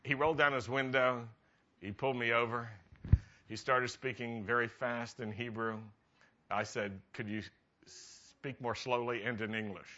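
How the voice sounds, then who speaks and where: A man's voice: mid-range voice, steady tone, measured pace, bright, forceful tone, lo-fi sound. A man preaching a humorous sermon as a rabbi, chatty and often laughing at his own jokes.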